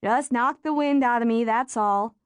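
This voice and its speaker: A woman voicing a relaxed, good-humored young boy in an audiobook. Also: on the high side, normal speed, clean tone, no room sound, natural voice. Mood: easygoing. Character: easygoing young boy, good-natured friend. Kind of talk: audiobook character voice.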